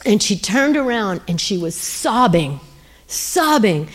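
Middle-aged woman minister, sermon testimony, animated storyteller, mid-pitched. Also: slow pace. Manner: animated, acts out dialogue.

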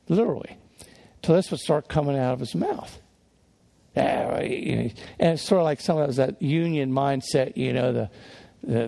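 A man's voice: on the high side, creaky, dark tone. A man preaching a sermon as a pastor, talking conversationally with restarts and small chuckles, and rising to stress key words. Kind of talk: sermon teaching.

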